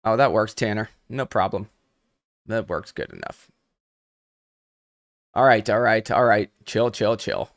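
A young adult man hosts a live trading stream with a somewhat low voice. He chats casually and addresses his viewers directly. The sound is close and dry. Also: unhurried, pauses often, dry recording. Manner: casual, chatty, talks straight to viewers in the chat. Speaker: host.

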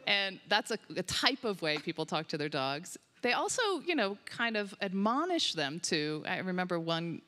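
A woman with a notably low voice speaks as an interview guest, telling her stories with lively enthusiasm. Her voice carries a long hall reverb, as if she is on stage in a large auditorium. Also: moderate pace, few pauses. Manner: enthusiastic, animated storytelling. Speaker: guest researcher on dog cognition. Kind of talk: conversational interview answers.

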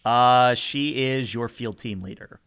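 A man's voice: mid-range voice, takes it slowly, fairly bright tone, clean tone, no room sound. Man running a tabletop game. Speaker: game master. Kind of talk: narrating a tabletop game and voicing characters.

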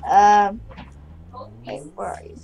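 A woman's voice: medium pitch, flat delivery, takes it slowly, gravelly, darkish tone, rough recording. A woman chatting casually as a guest while she plays a game, with an offhand, chatty manner. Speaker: guest player. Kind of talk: casual gameplay chat.

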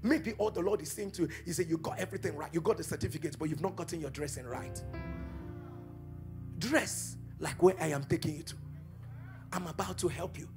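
A man preaching a charismatic sermon, swinging between quiet teaching and shouted, chanted prayer declarations. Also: fairly high pitch, a little fast, faint music behind. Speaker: pastor.

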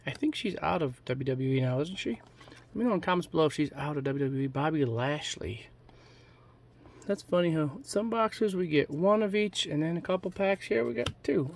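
A man's voice: a little high, vocal fry. A middle-aged man giving casual, joking running commentary while opening trading card packs. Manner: chatty, offhand running commentary with jokes. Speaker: card collecting YouTuber.

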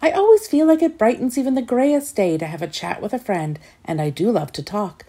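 A woman's voice: brisk, dark tone. A woman reading aloud, voicing a bubbly, endlessly talkative little woman in a storybook. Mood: cheerful. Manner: bubbly, gushing, high and bouncy.

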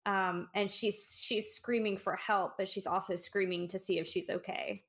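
A woman's voice: mid-range voice, steady tone, normal speed, fairly bright tone. A woman co-hosting a podcast, discussing a short story in a reflective way and thinking aloud with restarts. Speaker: podcast co-host. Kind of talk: casual book discussion.

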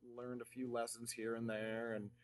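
A man who plays in a band, a guest on a podcast, talking in a casual, animated way with frequent laughs. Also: mid-range voice. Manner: animated, laughing, quick asides.

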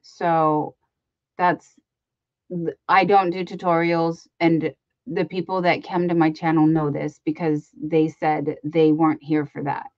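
A woman's voice: low voice, flat delivery, unhurried, dry recording, lo-fi sound. A woman hosting a casual craft livestream, chatting to viewers in a rambling way with many ums and restarts, sometimes cooing baby talk to her dogs. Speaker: livestream host.

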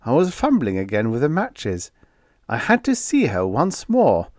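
A man reading a vintage science fiction story aloud as scripted first-person narration, with expressive, unhurried storytelling. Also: medium pitch, no room sound, clean studio sound. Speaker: audiobook narrator.

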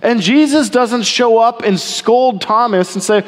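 Animated high-voiced preacher in an echoey hall. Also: male voice, unhurried, hardly any pauses. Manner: animated, rising and falling between loud emphasis and quiet softness. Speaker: pastor. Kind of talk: sermon.

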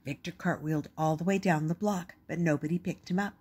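An older woman reading a children's picture book aloud, gentle and expressive. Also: on the low side, a little fast, slightly rough. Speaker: storyteller.

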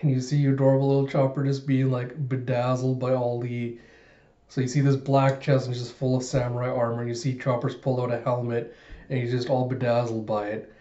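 A man's voice: medium pitch, little pitch movement, fairly quick, mellow. Offhand man recapping a comic chapter. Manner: filler-heavy, offhand and dismissive at times. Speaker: manga reaction YouTuber. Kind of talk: casual chapter recap and review. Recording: roomy, slightly dull home recording.

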